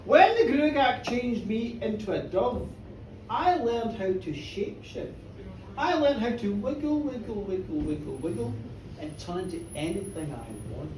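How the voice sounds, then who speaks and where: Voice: medium pitch, expressive, unhurried, darkish tone, a little hiss or hum, voice pushed down, close to an everyday voice. A storyteller voicing a cheeky shapeshifting peasant boy, coaxing and scheming, told live in a bar. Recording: roomy, distant live bar recording.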